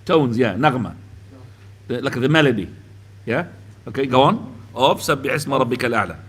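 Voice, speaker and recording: A man's voice: mid-range voice, animated, fast, fairly bright tone, husky. A man teaching a small class, patiently explaining and often asking whether the student understands. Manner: patient, asks checking questions. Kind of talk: classroom lesson. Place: mosque classroom.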